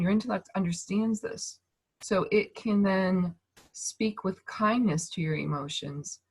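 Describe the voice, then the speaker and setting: A woman in her thirties, giving a gentle, reassuring talk over a video call and thinking aloud as she goes. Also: on the low side, husky. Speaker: speaker on emotions and manifestation.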